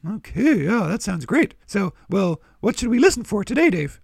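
A friendly young male cow, with a high, bouncy voice that jumps around a lot. There is a light rasp in it, and he asks his questions in an eager, easygoing way. The sound is close and dry. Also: sing-song, normal speed, dry recording, exaggerated voice. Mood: curious. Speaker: co-host puppet character.

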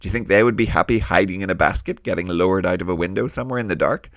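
A man's voice: low voice, very fast, no room sound, clean studio sound. A man hosting a children's Bible lesson, explaining in a friendly way with questions. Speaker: host.

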